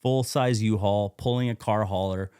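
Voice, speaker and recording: A man's voice: on the low side, fairly even intonation, moderate pace, a little mellow, smooth, dry recording, clean studio sound. A man talking as a podcast guest, telling his own story candidly, swearing freely and acting out what he said back then. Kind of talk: casual storytelling interview.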